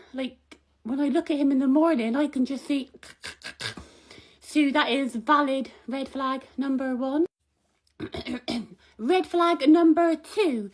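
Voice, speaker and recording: Young woman, high voice, gossipy comic rant to camera, indignant and rambling. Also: darkish tone. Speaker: comic vlogger.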